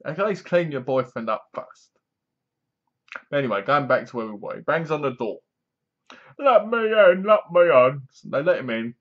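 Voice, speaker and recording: A man talks through a horror film review in a loose, rambling way. He is frank and sometimes trips over his words. His middle-pitched voice comes through a slightly muffled, lo-fi recording. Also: animated, fairly quick. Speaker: movie reviewer. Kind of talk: casual spoken review.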